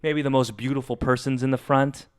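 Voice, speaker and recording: A young podcast co-host tells a long story casually, animatedly acting out what people said. His voice is medium-pitched, fairly quick and clean in tone.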